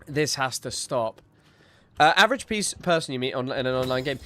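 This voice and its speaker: A man's voice: medium pitch, animated, a little fast, pushed and bright. A man streaming a game, chatting casually and with amusement to his viewers and a teammate. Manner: amused, chatty, reacts and speaks to his chat. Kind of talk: casual livestream commentary.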